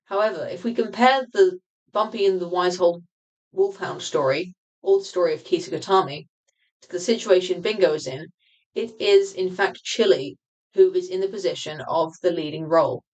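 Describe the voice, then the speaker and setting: A woman reads aloud from her own nonfiction book for a livestream audience. Her voice sits on the low side, and she keeps a steady, explanatory pace, now and then backing up to restart a word. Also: rough recording. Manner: measured, explanatory reading with occasional restarts.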